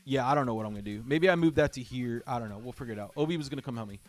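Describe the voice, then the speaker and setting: A middle-aged man hosting a game livestream, talking casually, halting and repeating himself as he speaks from the heart. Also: mid-range voice, soft background music. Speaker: livestream gamer host.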